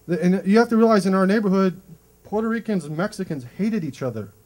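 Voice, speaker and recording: A man from Cleveland works a comedy club crowd, spinning stories in a high, bouncy voice. His pitch swings widely as he tells them, and a faint ambient hum sits under the stage mic. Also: fast talker. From Cleveland, USA. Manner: animated, storytelling, swings in pitch. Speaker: stand-up comedian. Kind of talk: stand-up comedy set.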